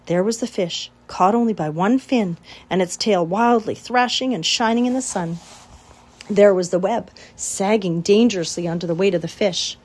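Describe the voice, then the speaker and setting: A woman voicing a kind, clever female spider who speaks gently and coaxingly. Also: medium pitch, moderate pace, breathy edge, lightly acted. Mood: storytelling. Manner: gentle, coaxing, commanding at times.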